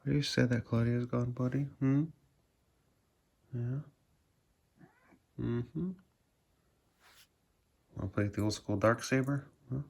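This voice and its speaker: A man's voice: mid-range voice, steady tone, takes it slowly, creaky, long pauses, a little mellow. A man talking baby talk to his cat at home, cooing in a raised sing-song voice while he films it playing. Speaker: pet owner filming his cat. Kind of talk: casual baby talk to a pet. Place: home indoors.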